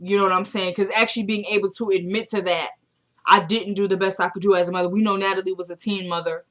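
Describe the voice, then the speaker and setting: Woman, casual TV recap, chatty, acts out quoted dialogue, frequent "you know what I'm saying", mid-pitched voice. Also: little pitch movement, fast, fairly bright tone. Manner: chatty, retells scenes by acting out quoted dialogue. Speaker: TV episode recapper.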